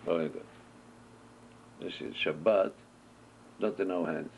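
A man's voice: low voice, a little slow, vocal fry. A man with teaching a Torah class, asking questions and answering them as he tells stories. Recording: dull lo-fi recording with faint noise.

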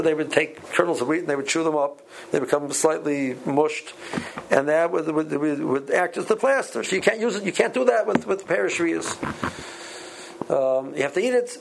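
A man teaching a Talmud class, speaking haltingly with many repeated words and ums. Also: on the high side, creaky, slight background noise, low-quality recording. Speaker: Torah teacher.

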